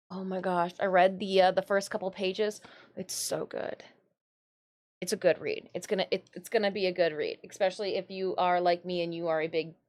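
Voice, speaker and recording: A woman from Michigan chatting casually on a live stream, greeting viewers and talking to her cats. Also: medium pitch.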